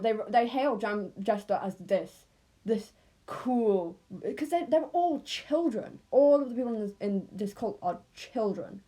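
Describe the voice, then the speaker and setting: A woman's voice: medium pitch, warm tone. Rambling English woman, unscripted. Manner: rambling, self-correcting. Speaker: storyteller. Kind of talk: unscripted casual storytelling.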